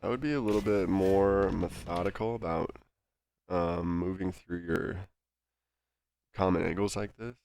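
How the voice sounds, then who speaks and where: Low, gravelly man with a stuffy nose. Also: measured pace, slight background noise. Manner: calm, instructive, with many fillers. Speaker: game coach. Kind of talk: coaching review commentary.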